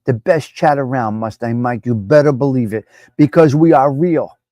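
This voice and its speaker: A man's voice: medium pitch, normal speed, dark tone, dry recording. A man from New Jersey with a New Jersey accent, hosting a live stream and talking bluntly, repeating himself for emphasis. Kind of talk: casual opinionated live stream talk.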